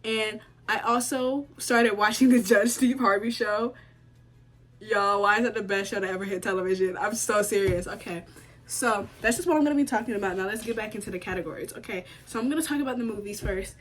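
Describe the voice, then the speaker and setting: A woman's voice: mid-range voice, fairly quick. A young woman from the United States chatting casually to camera about what she has been watching, emphatic and given to repeating herself. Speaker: vlogger.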